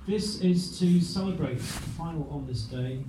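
A man's voice: fairly high pitch, a little slow. A man hosting a live show, chatting as he reads facts from his notes. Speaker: host. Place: live venue. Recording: echoey room, from far off with faint noise.

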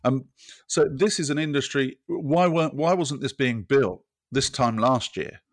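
A man's voice: mid-range voice, a little slow, no room sound, studio quality. A British man talking as a technology guest, explaining scenarios step by step in casual conversation. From Britain. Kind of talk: casual interview chat.

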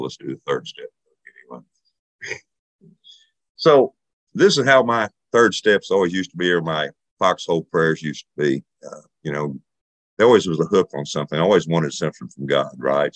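A man's voice: very deep voice, normal speed, no echo. A man speaking at a recovery meeting, who shares his story in a conversational, joking, and earnest way. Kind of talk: personal share with a joke.

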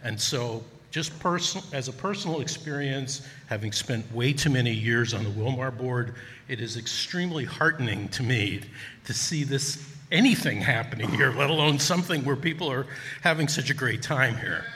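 A man in his sixties with a New Jersey accent, telling a personal story live to an audience in a hall, chatty and self-deprecating with halting ums. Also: medium pitch, expressive, background noise. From Newark, New Jersey. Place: neighborhood center hall. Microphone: stand microphone. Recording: long hall reverb.

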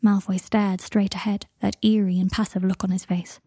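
A woman narrating a story in a calm, even reading voice on a close microphone. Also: mid-range voice, normal speed, breathy edge, no room sound. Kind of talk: storybook narration of fan fiction.

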